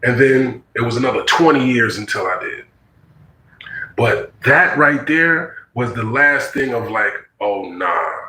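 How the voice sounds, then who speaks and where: Man, 40s, casual storyteller; animated, slangy delivery, bright tone, echoey room. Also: mid-range voice, unhurried. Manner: animated, slangy, acts out quoted voices.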